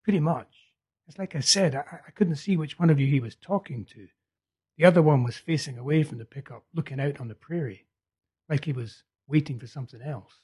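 A man reading the part of a feverish young man urgently telling a vision, in a husky voice. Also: a little high, brisk, darkish tone. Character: feverish young male prophet, intense and urgent.

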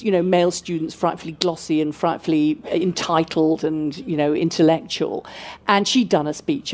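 Brief: sixties woman, festival guest speaker, lively anecdotal delivery, plenty of ums. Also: lowish voice. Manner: animated storytelling with fillers. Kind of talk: festival talk answering questions.

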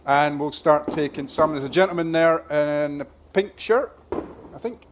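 Man hosting a book fest chat, bit higher voice, some ambient noise. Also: normal speed. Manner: teasing, chatty. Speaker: event chair. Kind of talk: hosting a live onstage interview. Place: festival stage.

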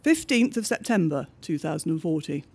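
A man reading a bleak diary-style story aloud, with measured, understated narration. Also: a little high, big pitch swings, creaky, husky.

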